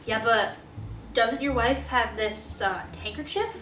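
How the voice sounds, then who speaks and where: A woman's voice: fairly high pitch, measured pace, a bit bright, a little hiss or hum. A woman voicing a sly, scheming male officer, offhand and insinuating. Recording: roomy echo, faint music.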